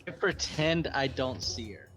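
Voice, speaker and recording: A man playing a tabletop game talks in a laid-back, matter-of-fact way at an average pitch. Faint music plays quietly behind him. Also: big pitch swings, a little slow. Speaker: player. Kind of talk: casual tabletop play.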